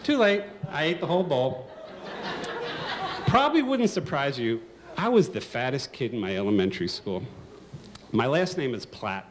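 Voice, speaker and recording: A man's voice: mid-range voice, very animated, moderate pace, pauses often, noisy background. A man in his sixties telling a comic, self-mocking story live on stage.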